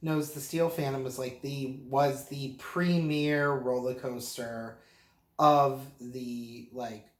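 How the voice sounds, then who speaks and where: A man's voice: mid-range voice, fairly even intonation, takes it slowly. A man from the Pittsburgh area, mildly tipsy, rambling casually to camera with lots of fillers and frequent laughs. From Pittsburgh area, western Pennsylvania. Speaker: vlogger. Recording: roomy echo.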